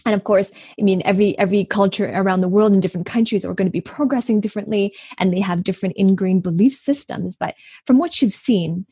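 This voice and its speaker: A woman with a North American accent hosts the interview with a very husky, mellow voice. She asks long, winding questions and gently encourages her guest. The sound is dry and close. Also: medium pitch, quick pace, no room sound. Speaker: interview host. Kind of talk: conversational interview.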